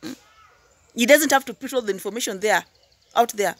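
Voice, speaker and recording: A woman from Tanzania, fairly high-pitched and fairly quick, comments passionately as a YouTube reactor, recorded with no echo. She repeats words when riled up, throws rhetorical questions and "hmm?" or "huh?", then drops into calmer asides.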